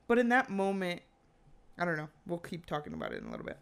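A woman chatting casually, retelling a true-crime story with animated quoted lines and frequent fillers. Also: on the low side, fast talker, gravelly.

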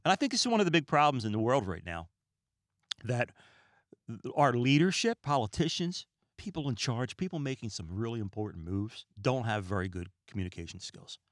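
Male podcast host, low voice, dry close sound, relaxed rambling monologue, stumbles over words. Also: dry recording. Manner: calm and relaxed. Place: small room lined with books.

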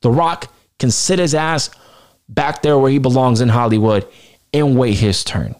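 A man's voice: mid-range voice, measured pace, a little mellow, close to an everyday voice. A man voicing a furious male wrestler who rants at management, defiant and full of profanity.

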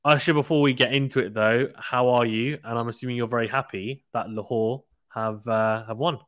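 A man hosts a casual sports podcast in a chatty, teasing way and laughs often. His voice sits at an ordinary middle pitch. The sound is close and dry, with no room echo. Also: steady tone, moderate pace, a bit bright. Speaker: podcast host. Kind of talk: casual cricket podcast chat.

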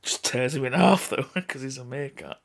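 A man's voice: mid-range voice, moderate pace, vocal fry. A man co-hosting a podcast, mostly agreeing briefly and adding crude jokes. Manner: short agreeing replies, deadpan additions. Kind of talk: crude comedic banter.

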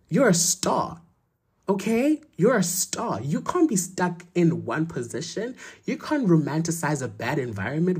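Young woman, motivational speaker, dark husky low voice, lively swoops in pitch, blunt and emphatic. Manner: blunt, emphatic, repeats lines for effect, swears. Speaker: motivational vlogger. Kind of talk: motivational talk.

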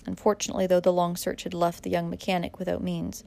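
Woman, audiobook narrator, measured dramatic reading, lowish voice. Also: completely flat delivery, vocal fry, dark tone.

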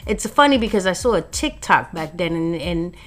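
A woman's voice: fairly low pitch, animated, moderate pace, fairly bright tone. Blunt streetwise woman telling her story. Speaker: podcast host. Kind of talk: casual personal storytelling.

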